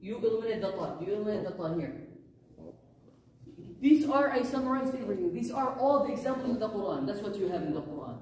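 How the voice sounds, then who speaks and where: In a very echoey room, a distant mic with a little hiss or hum captures a woman leading a Quran recitation class. Her medium-pitched voice is expressive, rapid-fire and a little mellow as she patiently explains rules, drills Arabic phrases aloud and checks understanding with "huh?"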